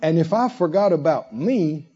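Male pastor, sermon, high voice, dark mellow tone, dull lo-fi recording. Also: lively intonation, breathy edge. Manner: emphatic, rhetorical questions, drawn-out pauses.

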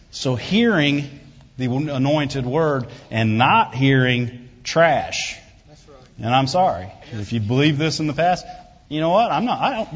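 Man preaching in a reverberant church. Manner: conversational preaching, often asks "Right?"; rises loud and high for emphasis, drops low and quiet. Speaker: pastor. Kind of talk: sermon. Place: church hall. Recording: dull reverberant hall recording.

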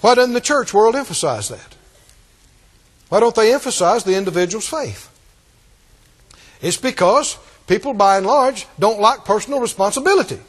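Preaching a rousing, emphatic sermon, this very high, lively, slightly rough male voice keeps calling out to the congregation at normal speed, pausing often. A large hall gives it a long, ringing reverb.

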